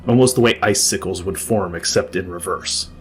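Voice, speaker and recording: A man's voice: low-pitched, moderate pace, faint music behind. A man narrating a tabletop game as game master, describing scenes at length with frequent restarts.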